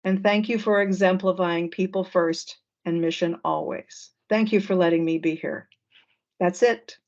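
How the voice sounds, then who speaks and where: A woman presenting an online training session, relaxed and with frequent fillers, heard over a video call. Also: on the low side, unhurried. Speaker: workshop presenter. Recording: dull lo-fi call audio.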